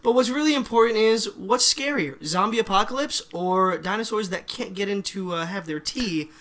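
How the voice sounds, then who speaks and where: A young man co-hosting a podcast in casual chat, animated, joking and swearing freely. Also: high voice, normal speed. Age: young adult. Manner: animated, profane, jokey. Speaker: podcast co-host.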